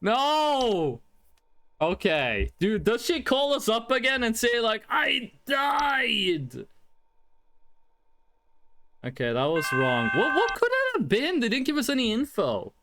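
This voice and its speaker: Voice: mid-range voice, big pitch swings, measured pace, fairly bright tone. A streamer casually talking through a game at home, thinking aloud and chatting with the audience.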